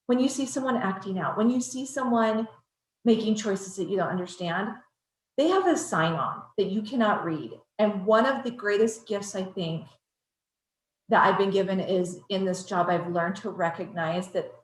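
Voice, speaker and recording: A woman trainer telling a true story in an earnest, gentle presentation voice. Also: mid-range voice. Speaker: child advocacy trainer. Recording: roomy echo.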